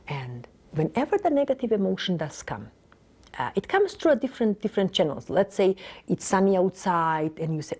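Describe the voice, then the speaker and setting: Woman, therapist, lively swooping pitch, mellow tone, faint music under. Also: fast, breathy edge. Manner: animated, acts out the dialogue, repeats and restarts words. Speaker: therapist at a clinic. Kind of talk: storytelling a client case.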